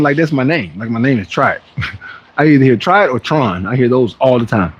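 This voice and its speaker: Here a man with a husky, medium-pitched, expressive voice talks at a quick clip over dull-sounding audio. He's running a fitness livestream and rambling casually to viewers in slang, restarting his thoughts and often acting out other people's voices.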